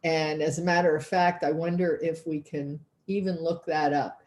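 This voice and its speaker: A woman's voice: low-pitched, fairly even intonation, normal speed, darkish tone. A woman teaching a cooking class over a video call, chatty and folksy, thinking aloud as she works. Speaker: cooking instructor.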